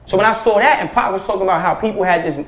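Preachy, forceful man in a roomy studio. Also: high voice, racing. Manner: forceful, preachy, profane, rhetorical questions. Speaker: podcast guest. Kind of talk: impassioned podcast conversation. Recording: roomy echo.

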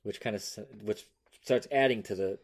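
A man hosts a casual true-crime podcast from a room at home, where a cat can be heard making noise. He reads loosely from notes, swears offhandedly and laughs a lot, speaking at a normal speed in a lowish voice.

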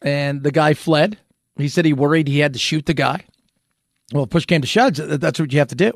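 A man's voice: a little high, a little fast, no echo, clean studio sound. A man hosting an opinionated news commentary, sarcastic and full of rhetorical questions. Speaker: commentary show host.

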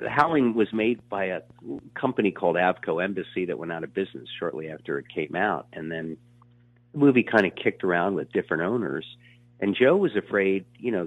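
A man in his sixties telling stories in an interview, rambling and animated, with many fillers and restarts. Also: deep voice. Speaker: actor being interviewed. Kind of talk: casual storytelling interview. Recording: tinny phone line.

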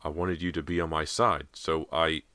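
Storybook teen girl, desperate and defiant, hushed urgency; a man plays her. Bright, dry. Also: a bass voice, flat delivery, normal speed, no echo.

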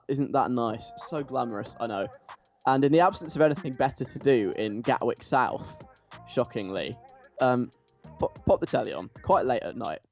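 A man talks in a loose, casual way, piling on enthusiasm and tripping over his own restarts. His pitch sits right in the middle for a man. Faint music plays quietly behind him. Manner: animated, gushing, with frequent restarts.

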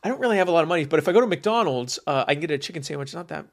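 A man's voice: fairly high pitch, lively intonation, racing, gravelly. A man from the United States giving a sarcastic, emphatic opinion monologue, with many fillers.

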